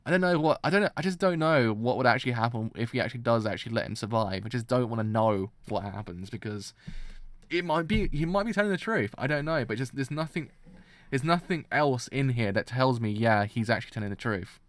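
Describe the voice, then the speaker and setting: A man ranting in an animated, exasperated way about a story's villain on a live reaction stream, often restarting his sentences. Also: medium pitch, fairly quick, dry recording.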